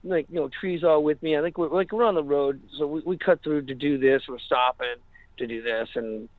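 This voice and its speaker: A man's voice: a little high, fairly quick, no room sound, narrow, tinny audio. A man casually telling a rambling story in an interview, full of fillers and acted-out quotes. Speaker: musician guest.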